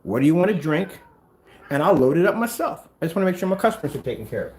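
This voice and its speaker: A man running a small business, chatting casually at home and ranting in an animated way. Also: quick pace. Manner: animated, ranting, talks to his pets in a high voice. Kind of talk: casual vlog chat. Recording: echoey room with faint noise.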